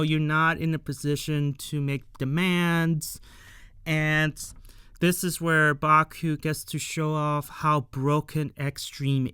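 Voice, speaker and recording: A man with a slightly high, very clean and smooth voice walks viewers through an episode at an unhurried pace. His talk is casual and chatty, dotted with fillers and questions to the audience. The sound is dry and close, with no room around it. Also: sharp tone, no room sound. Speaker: show reviewer.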